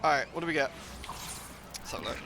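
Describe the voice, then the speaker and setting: A man's voice: fairly high pitch, quick pace, noisy background. A man chatting casually and playfully while live-streaming a game, reacting aloud and thanking viewers. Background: game music.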